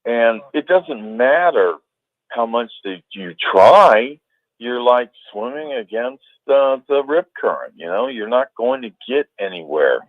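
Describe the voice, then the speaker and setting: A man's voice: medium pitch, sing-song, unhurried, no echo. A male caller ranting in an emphatic, heated way and swearing now and then. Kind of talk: call-in ranting. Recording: tinny phone line.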